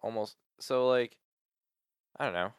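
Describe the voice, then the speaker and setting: This is a young man co-hosting a podcast, rambling in casual chat full of fillers and restarts. He speaks at a medium pitch and a measured pace in a clear, resonant tone, recorded clean in a studio without room sound.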